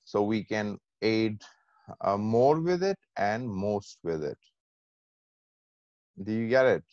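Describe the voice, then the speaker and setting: A man giving an online grammar lecture, slowly going over examples and checking often that students follow. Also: fairly low pitch, lively intonation, darkish tone, no room sound. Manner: slow, repetitive, checks understanding often. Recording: dull, lo-fi online call.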